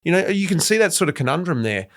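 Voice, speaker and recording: A man's voice: fairly high pitch, very animated, quick pace. Conversational male podcast host. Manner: conversational, thinks aloud with many "you know" fillers. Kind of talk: casual podcast interview.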